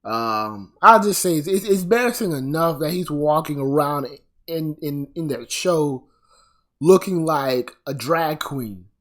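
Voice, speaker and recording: A man's voice: a little high, a little slow. A man delivering a blunt, profane commentary rant, sounding exasperated and weary. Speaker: commentary vlogger.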